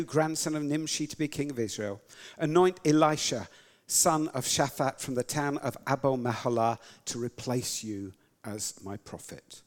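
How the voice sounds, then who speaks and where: Man doing a steady commanding god voice, slow orders, echoey hall. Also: mid-range voice, lightly acted. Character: calm, commanding male divine voice.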